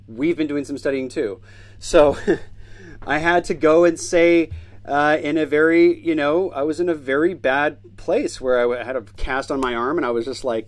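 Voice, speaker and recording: A man's voice: on the high side, moderate pace. A man in his thirties hosting his own livestream show, talking in a blunt, profane, motivational way to viewers. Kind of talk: casual livestream monologue.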